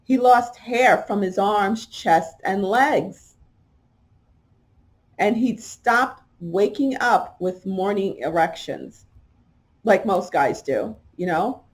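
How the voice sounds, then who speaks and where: A woman's voice: mid-range voice, expressive, takes it slowly. A woman hosting a talk show, reading from an article and commenting on it, with emphatic stress and repeated key words. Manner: talks straight to listeners, asking them questions. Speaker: podcast host.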